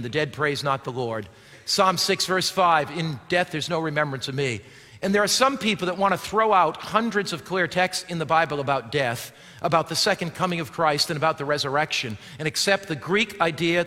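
A male pastor preaching a sermon, swinging between loud emphatic declarations and quieter, hushed lines. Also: fairly high pitch, big-room sound.

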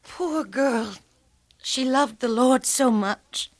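A woman's voice: high voice, takes it slowly, dry recording. A woman playing an anxious woman follower in a radio drama. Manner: wondering, anxious.

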